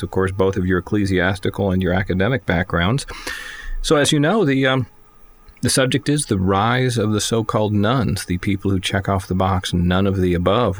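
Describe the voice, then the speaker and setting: A man from the Midwest hosting a radio talk show, conversational and friendly as he interviews guests. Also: on the low side. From American Midwest.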